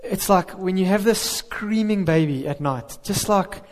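A man's voice: high voice, measured pace. A man preaching a sermon, earnest and emphatic, with rhetorical questions. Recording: reverberant hall.

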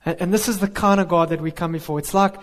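A man's voice: high-pitched, steady tone, quick pace. A man preaching a sermon, earnest and emphatic, with rhetorical questions. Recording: reverberant hall.

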